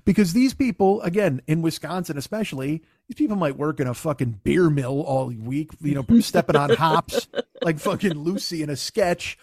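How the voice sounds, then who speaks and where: Profane, animated man telling stories. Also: fairly high pitch, fairly quick, no room sound, clean studio sound. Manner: profane, animated storyteller who mimics people. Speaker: podcast co-host. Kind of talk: casual chat, storytelling.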